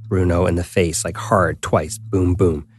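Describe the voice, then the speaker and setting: A male journalist recounting his reporting in an interview, animated and halting. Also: deep voice, soft background music.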